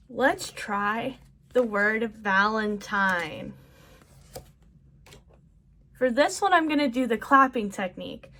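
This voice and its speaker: Slow-talking woman teaching young kids. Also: high voice, fairly bright tone. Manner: slow, encouraging, modeling words for kids. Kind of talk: children's lesson.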